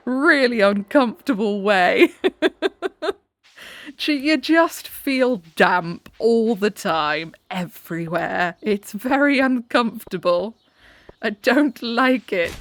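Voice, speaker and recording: A young British woman chatting away while she plays, giggling often and talking to the game's characters. Her voice has a lively, swooping pitch and a relaxed, casual flow. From Britain. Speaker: gaming channel host. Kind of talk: casual gameplay chat.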